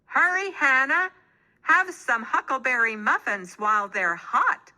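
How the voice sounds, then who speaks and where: A woman's voice: very high voice, expressive, takes it slowly, bright, forceful tone, pitched above the performer's own voice, full character voice. A woman voicing a kindly male hog baker in a raised, friendly storybook voice. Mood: urging.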